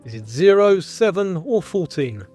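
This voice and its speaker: Male quiz host, animated delivery, measured question reading. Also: high voice, soft background music. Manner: reads questions and answer choices in a clear, measured way. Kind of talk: scripted quiz show presenting.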